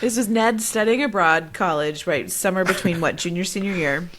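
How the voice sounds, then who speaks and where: A woman's voice: lowish voice, normal speed, a bit bright. A young woman co-hosting a podcast, telling a story in casual chat and laughing often as she goes. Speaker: podcast co-host.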